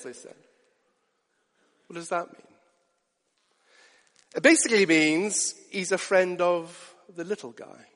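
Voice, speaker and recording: High-voiced preacher in an echoing hall. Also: male voice. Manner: earnest, swings from hushed asides to rising emphatic peaks. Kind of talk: sermon.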